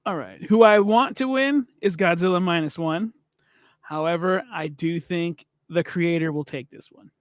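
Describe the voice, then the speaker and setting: Co-host, male, high voice with very lively pitch, teasing, laughs a lot; dry close sound. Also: normal speed, dry recording. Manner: laughs often, teasing, joking. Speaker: podcast co-host. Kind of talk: casual chat.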